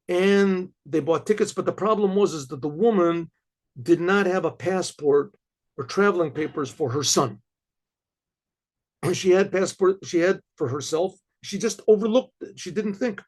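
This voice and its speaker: A man's voice: sits high, a little slow, a little mellow. A man, a rabbi, telling a story in a loose spoken way, often stumbling and repeating words as he searches for them. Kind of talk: casual oral storytelling.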